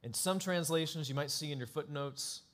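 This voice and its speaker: A male pastor preaching a sermon in an emphatic, dramatic way, swinging between hushed and loud. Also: fairly high pitch, moderate pace.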